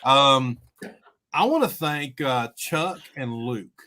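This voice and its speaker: A middle-aged man from Alabama speaks with a Southern accent as co-host, effusive and given to repeating himself. His pitch swings widely. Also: animated, takes it slowly, sharp tone. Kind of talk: casual chat.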